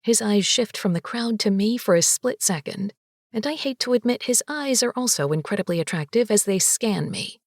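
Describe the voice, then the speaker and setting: A woman narrating a first-person audiobook with a lively, sassy and expressive delivery. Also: medium pitch, moderate pace, no echo, studio quality.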